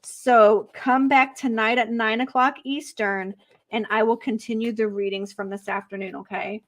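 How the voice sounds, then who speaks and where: A woman working as a psychic medium in a live online reading, speaking gently and emotionally and pausing often with fillers. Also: on the high side, fairly even intonation.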